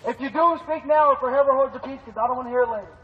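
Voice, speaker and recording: High-voiced man rallying a crowd outdoors. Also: very fast, slightly rough. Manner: emphatic, streetwise, profane. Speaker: protest organizer. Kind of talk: addressing a crowd. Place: outdoors in a park. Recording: muffled street recording.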